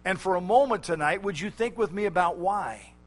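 A man preaching a sermon, slow and emphatic, drawing out key words. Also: sits high, soft background music.

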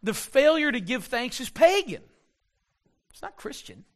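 Middle-aged pastor guy preaching, voice swoops up and down a lot, stretches out the big lines. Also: extremely high pitch. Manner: animated preaching, slows for emphasis, repeats words. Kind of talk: sermon.

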